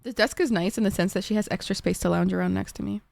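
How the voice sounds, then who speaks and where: Fast and creaky, with a darkish tone and fairly even intonation, a young Egyptian woman's mid-range voice comes through with no echo. She streams from her home desk, chatting casually in answer to viewers, leaning heavily on "like" and swearing freely.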